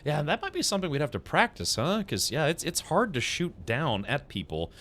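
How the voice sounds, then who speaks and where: A man's voice: fairly high pitch, huge pitch swings, a little fast, fairly bright tone. A man streaming a video game, chatting casually and telling a rambling story with frequent laughs. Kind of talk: casual gaming stream chat.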